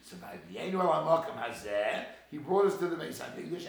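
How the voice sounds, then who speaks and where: Man, Torah lecture, gravelly, slightly high voice, loud quotes and hushed asides, very echoey room. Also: sing-song, brisk, hardly any pauses. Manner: swings between loud emphatic quoting and low hushed asides. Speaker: rabbi giving a Torah talk.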